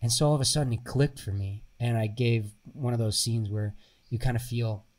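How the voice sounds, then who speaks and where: A young Bulgarian-born man speaking with an American accent. He is an actor telling stories as a guest in a casual interview, animated and sometimes swearing. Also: mid-range voice, brisk. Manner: animated storyteller, swears, laughs often. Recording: voice a bit far from mic.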